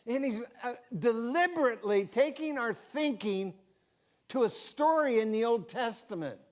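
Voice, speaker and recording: A man's voice: very high-pitched, expressive, normal speed. An older man, a grandfather, preaching a folksy, conversational sermon in a church, with personal asides. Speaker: pastor.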